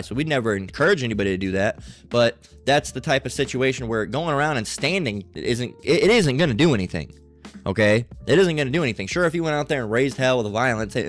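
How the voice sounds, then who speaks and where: A man giving a rambling religious commentary monologue in a mocking tone, often checking in with "all right?". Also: medium pitch.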